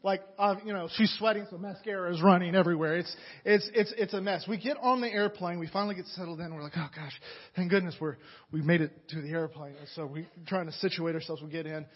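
A young man from Atlanta preaching a sermon, telling a story with animated, dramatic energy and many restarts. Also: sits high, fast, breathy edge. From Atlanta, USA. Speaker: pastor. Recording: dull lo-fi recording.

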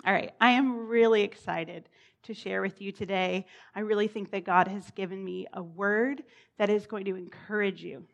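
A woman's voice: mid-range voice, fairly even intonation, moderate pace, creaky, faint music behind. A woman preaching a sermon in a chatty, informal way, with laughs and casual asides.

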